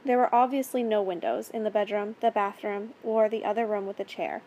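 A woman narrating a first-person story in a steady, plain reading voice. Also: medium pitch, a little fast, lo-fi sound, a little hiss or hum.

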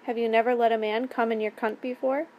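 A woman reading the lines of a cold, domineering man in a spoken story, keeping a calm and measured delivery in a somewhat high voice. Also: muffled recording, natural voice. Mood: cold commanding.

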